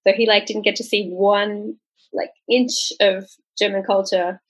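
A young woman with a husky, slightly breathy voice tells a story in relaxed conversation. Her pitch sits in a middle range, and she jumps up when she acts out what people said. The delivery is loose and chatty. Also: unhurried, poor audio. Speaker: podcast co-host telling a story. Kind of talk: casual storytelling chat.

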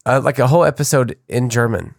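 A man of middle pitch chats on a podcast, quick and joking, with his sentences running on. The sound is dry and close to the mic. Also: animated, creaky, dry recording. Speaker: podcast co-host. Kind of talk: casual chat.

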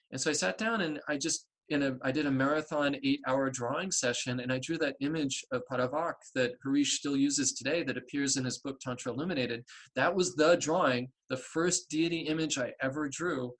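A middle-aged man in an interview, telling a personal story and acting out both sides of a conversation with big jumps in pitch. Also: a bit bright. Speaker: guest, artist and spiritual practitioner.

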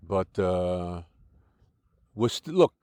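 A man's voice: sits low, animated, drawn-out words, a little mellow, clear, resonant tone, dry recording. An older man with an American accent, explaining and arguing his views in a conversational interview, often restarting his sentences. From United States. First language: English. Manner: argumentative, explanatory, frequent restarts.

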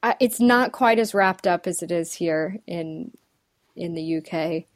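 A woman's voice: fairly low pitch, unhurried, no echo. A woman working as an accent and dialect coach, talking thoughtfully in a casual interview, with many ums and restarts. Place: lives in the UK.

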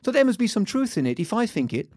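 A man's voice: high-pitched, sing-song, fast, a little mellow, no echo, studio quality. French-accented male host, curious and hesitant. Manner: curious, hesitant, repeats words. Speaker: podcast host. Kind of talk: casual interview chat.

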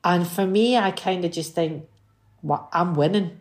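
A chatty woman in her fifties speaks with a Glaswegian Scottish accent and a slightly low pitch. She tells stories in an animated way, often restarting her sentences. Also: a little slow. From Scotland. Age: 50s. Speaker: guest singer. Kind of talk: casual interview chat.

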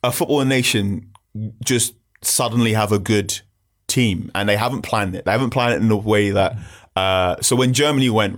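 A man rambling through animated, storytelling football chat on a podcast. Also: on the low side, brisk. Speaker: podcast panelist.

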